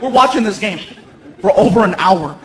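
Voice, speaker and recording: A man in his thirties doing animated stand-up comedy on stage, acting out voices as he tells stories. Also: high voice, moderate pace, slight background noise. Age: 30s. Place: theater stage with audience.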